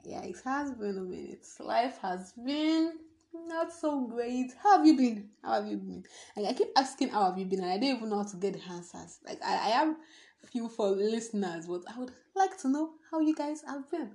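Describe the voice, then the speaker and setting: A young woman talks alone into her recorder for a casual podcast. Her voice sits a little high, and she rambles, giggles and restarts her thoughts, humming bits to herself along the way. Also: animated, normal speed, darkish tone. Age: young adult. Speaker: podcast host. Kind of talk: casual solo podcast monologue.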